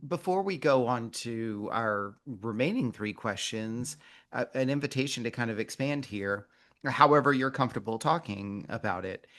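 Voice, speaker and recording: A man hosting a podcast and working as a coach, asking reflective interview questions in a measured, thoughtful way, slowing on key words with small restarts. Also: medium pitch, fairly bright tone.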